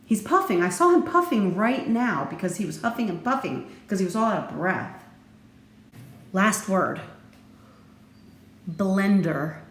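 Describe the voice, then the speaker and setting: A woman teacher giving a recorded phonics lesson, slow and deliberate, playful, with sudden lively jumps in her voice. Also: mid-range voice. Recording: echoey room with faint background noise.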